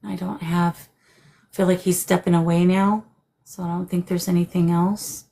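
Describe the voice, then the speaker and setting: Gentle woman giving a live spirit reading. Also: on the low side, level tone, normal speed, rough recording. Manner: gentle, soothing, addresses guests as darling and sweetheart. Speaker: psychic medium hosting a live stream.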